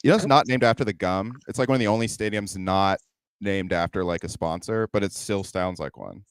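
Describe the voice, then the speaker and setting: Joking man with a smooth low voice. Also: fairly quick, no room sound, clean studio sound. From San Francisco Bay Area. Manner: jokey, laughs often, slips into silly voices. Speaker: podcast guest, comedian. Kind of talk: casual podcast banter.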